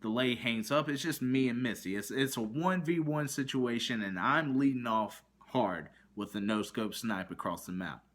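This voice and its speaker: Male vlogger, exasperated storytime rant, bright forceful tone, acts out the back-and-forth. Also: mid-range voice, normal speed, few pauses. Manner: animated, exasperated, acts out both sides of a phone call. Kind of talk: ranting storytime monologue.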